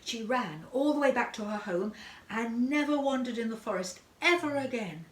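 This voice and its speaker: A woman narrating a children's story in an expressive, sing-song manner. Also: a little high, normal speed. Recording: echoey room.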